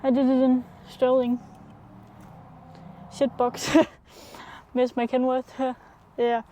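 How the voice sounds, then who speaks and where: A young woman from Denmark records a casual vlog, her voice mellow and fairly high. She speaks in a flat, unhurried way, filling pauses with ums and yeahs. At times she drops into a half-whisper. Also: slight background noise. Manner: chatty, hesitant with many fillers, sometimes half-whispering. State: sick, in bed. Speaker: vlogger.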